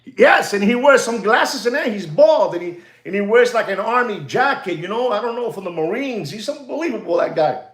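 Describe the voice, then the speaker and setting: Man, high-pitched, rambling livestream host, repetitive, Spanish asides, echoey room. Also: animated, a little fast. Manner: rambling and repetitive, addresses "ladies and gentlemen", drops Spanish phrases. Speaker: watch market livestream host. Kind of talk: casual livestream monologue.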